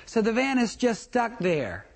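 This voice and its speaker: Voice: medium pitch, wildly swooping pitch, unhurried, vocal fry, slightly rough. Joking traffic school instructor. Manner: joking, storytelling, quizzes the room. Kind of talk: comic lecture to a class.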